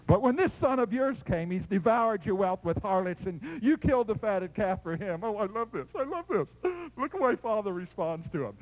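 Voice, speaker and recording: A man preaching a sermon in a lively, playful storytelling way, swinging between loud exclamations and hushed asides. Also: high-pitched, moderate pace, poor audio.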